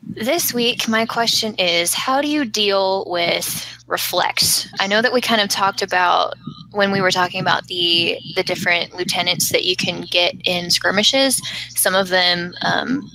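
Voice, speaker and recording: Bright-toned wry woman co-host. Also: on the low side, unhurried, a little hiss or hum, poor audio. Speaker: co-host asking questions. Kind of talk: casual chat.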